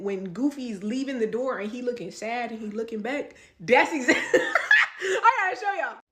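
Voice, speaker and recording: A young woman in her twenties telling a story to her viewers in casual talk, swearing, laughing and swinging between loud outbursts and quiet asides. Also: medium pitch. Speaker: storytime vlogger.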